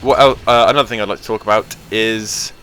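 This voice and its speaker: A man's voice: fairly low pitch, fairly even intonation, fast, pushed and bright. A young man chatting casually over gameplay footage as host of his gaming channel, rambling with lots of fillers. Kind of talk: casual game commentary.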